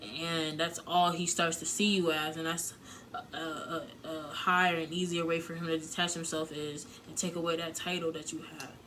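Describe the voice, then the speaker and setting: Candid young woman, flat voice. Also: low voice, moderate pace, a little hiss or hum, rough recording. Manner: candid, emotional, profane, heavy filler words. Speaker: relationship advice vlogger. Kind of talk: casual advice talk to camera.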